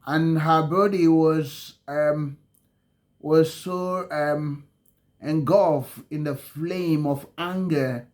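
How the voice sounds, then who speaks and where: A man telling a story in a halting way, with many ums and self-corrections and slow dramatic phrasing. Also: on the high side, fairly even intonation, darkish tone. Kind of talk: spoken storytelling.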